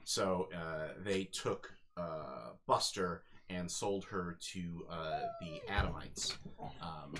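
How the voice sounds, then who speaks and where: Game master, male, low voice with a bright edge, lively, halting, faint hiss behind. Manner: halting, many fillers. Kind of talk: casual tabletop chat.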